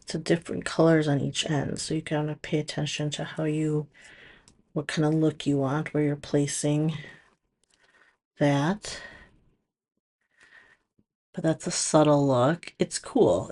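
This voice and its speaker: A woman's voice: low voice, level tone, measured pace, long pauses, a little mellow. A woman casually demonstrating nail strips, chatty and thinking aloud as she works. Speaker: nail product stylist. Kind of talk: casual product demo.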